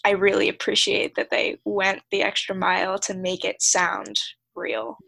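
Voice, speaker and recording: A woman's voice: medium pitch, little pitch movement, a little slow, creaky, pushed and bright, poor audio. A woman chatting casually on a podcast, with frequent fillers.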